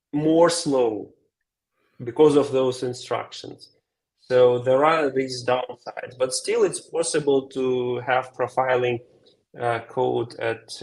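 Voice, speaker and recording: Guy answering questions on a video call, lots of uhs, kinda halting. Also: medium pitch, vocal fry, darkish tone. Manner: hesitant, many uhs and repeated words. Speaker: guest speaker answering questions. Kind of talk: online Q&A answers.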